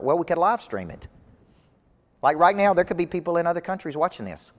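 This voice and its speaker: A man's voice: on the high side, very animated, a little fast. A man, a business coach giving a motivational speech to a live audience, emphatic and repetitive. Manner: emphatic, repetitive rallying delivery. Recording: long hall reverb.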